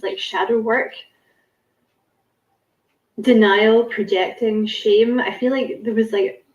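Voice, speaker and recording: A woman's voice: fairly high pitch, darkish tone, reverberant, highs cut off. A woman giving a casual spiritual card reading to camera, musing and rambling with many fillers and self-corrections. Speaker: tarot card reader.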